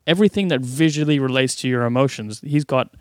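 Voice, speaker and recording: A man's voice: mid-range voice, fast, a little mellow, dry recording, studio quality. A man co-hosting a podcast, blunt and jokey in casual chat. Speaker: podcast co-host.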